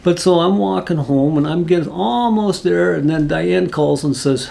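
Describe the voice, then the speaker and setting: A man's voice: a little high, normal speed, gravelly, darkish tone. A man casually telling a rambling, folksy personal story, full of asides. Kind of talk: casual spoken anecdote.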